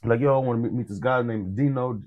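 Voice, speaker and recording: A man's voice: medium pitch, quick pace, darkish tone, lo-fi sound. A man who is a rap artist, telling stories in a casual interview in a laid-back, rambling way, full of fillers and acted-out quotes.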